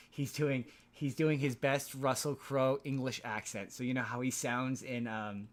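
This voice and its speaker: A man's voice: mid-range voice, little pitch movement, measured pace. A man hosting a podcast, recapping a movie plot in a loose, rambling way with many restarts. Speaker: podcast host.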